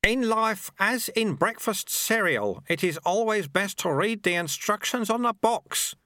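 A man voicing a stern, sharp-tongued old male sweeper monk who snaps his words, in an audiobook. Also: high-pitched, animated, unhurried, dry recording, studio quality, pitched above the performer's own voice, full character voice. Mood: stern, scolding. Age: older. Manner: snapping, stern. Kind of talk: audiobook character voice.

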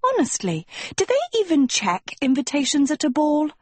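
A woman's voice: high voice, huge pitch swings, normal speed, dry recording, voice pushed up. A woman voicing a pampered, vain young girl who whines and insists in a sing-song way. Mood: petulant. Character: high-pitched pampered vain girl, petulant.

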